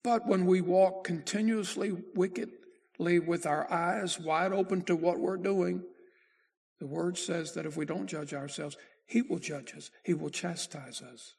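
Slow, gravelly-voiced preaching man. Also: high-pitched, darkish tone. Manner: slow deliberate preaching, swells and drops in volume. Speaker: pastor. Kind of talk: sermon.

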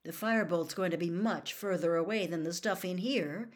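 A woman reading a storybook aloud, voicing a nervous teenage schoolboy who answers flatly and quietly. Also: on the low side, normal speed, close to an everyday voice. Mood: subdued. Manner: flat, subdued replies.

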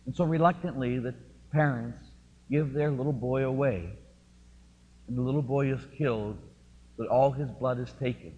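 A man preaching a sermon as pastor, telling a story with impassioned swings between loud and hushed. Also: mid-range voice, normal speed, long pauses. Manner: impassioned storytelling, rising and falling. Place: church. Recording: lo-fi recording in a reverberant church.

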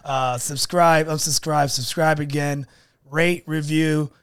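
A man co-hosting a casual podcast as producer, chipper and excitable, laughing often. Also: fairly high pitch, slow pace, clear, resonant tone.

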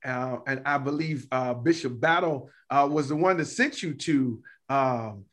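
A man hosting an online talk show, interviewing a pastor with short affirmations and halting questions. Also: mid-range voice, fairly bright tone. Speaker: show host. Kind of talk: casual interview.

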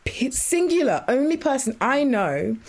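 A woman's voice: high-pitched, big pitch swings, a little slow, a little mellow. A woman co-hosting a podcast, chatting casually and enthusiastically, often repeating herself for emphasis. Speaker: podcast co-host. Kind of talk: casual chat.

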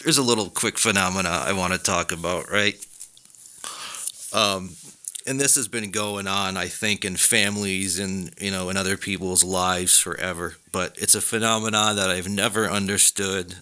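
A man hosting a podcast, ranting in a casual comic monologue, swearing often and mocking people in high put-on voices. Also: moderate pace, clear, resonant tone. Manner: animated, profane, laughs often, slips into high mocking voices. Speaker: podcast host.

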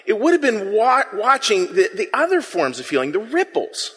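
A man with a high, animated voice delivers a sermon to his congregation in a relaxed, conversational way, asking them to answer back. His tone is bright and forward. The sound rings in a large hall with long reverb. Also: moderate pace, slightly rough. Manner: conversational, asks the congregation to respond. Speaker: pastor.

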